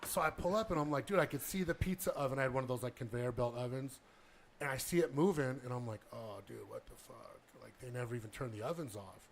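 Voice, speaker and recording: A man's voice: mid-range voice, fast talker, slight background noise. A man casually telling a long story on a podcast, acting out the dialogue and swearing a lot. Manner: animated storyteller, heavy swearing, acts out dialogue.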